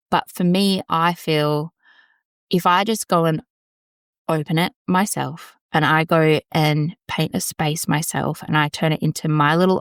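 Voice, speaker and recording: A woman with a deep, clear, resonant voice hosts a casual solo podcast from a small storage room, yet the studio-quality sound has no room tone. She rambles candidly through her monologue and swears casually.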